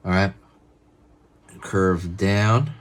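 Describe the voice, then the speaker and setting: A man's voice: low-pitched, very slow. Laid-back man narrating his drawing strokes. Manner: relaxed, chatty, narrates each pen stroke. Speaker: drawing tutorial host. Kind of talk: casual step-by-step drawing instruction.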